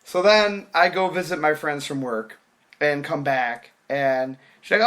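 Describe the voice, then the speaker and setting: A man's voice: on the high side, normal speed. A young man casually telling a story, acting out the people in it and swearing freely. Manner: animated, acts out quoted voices, swears casually.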